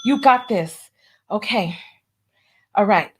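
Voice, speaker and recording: A woman's voice: mid-range voice, expressive, takes it slowly, husky. A woman hosting a casual livestream, nervous and stalling, repeating herself as she reads viewer comments aloud. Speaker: livestream host.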